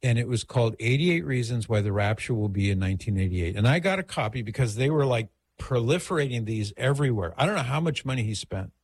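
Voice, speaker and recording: A man's voice: medium pitch, animated, fast, few pauses, no room sound. A middle-aged man hosting a radio call-in show, giving advice in a conversational, digressive way.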